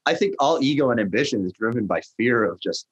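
A middle-aged restaurant tech founder tells stories animatedly in a podcast interview, acting out people's lines with jumps in pitch. He talks fast, expressively and with a breathy edge, though the audio is dull.

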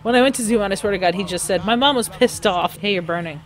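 Chatty woman gaming streamer, giggles a lot, yells at her game, faint music behind. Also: mid-range voice, fast talker. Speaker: gameplay streamer. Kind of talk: casual gameplay commentary.

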